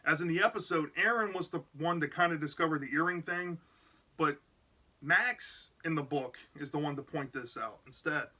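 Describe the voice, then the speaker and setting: A man with a strikingly bright, sharp-edged voice that sits a little high for a man. He runs through a plot recap in a loose, casual way, piling on "like" and "you know" as he goes. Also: normal speed. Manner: rambling, full of "like" and "you know". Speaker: book reviewer.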